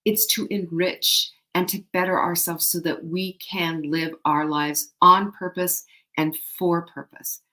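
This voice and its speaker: A woman's voice: on the low side, steady tone, measured pace, bright, forceful tone. A middle-aged woman hosting a show, giving motivational tips in an emphatic, conversational way and repeating key phrases. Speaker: show host.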